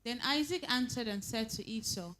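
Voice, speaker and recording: A woman reading Bible verses aloud at a prayer meeting, in a steady, measured way. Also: a little high, low-quality recording. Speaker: scripture reader.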